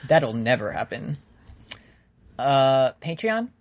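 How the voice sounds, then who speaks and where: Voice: medium pitch, very animated, slow pace. A podcast co-host chatting casually, rambling and joking, often breaking off mid-sentence. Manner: rambling, jokey, self-interrupting. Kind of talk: casual chat.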